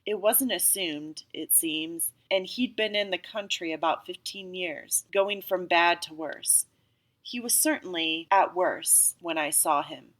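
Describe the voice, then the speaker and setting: A woman narrates an audiobook story in a calm, steady way. Her voice sits a little low, and the reading is even and unhurried.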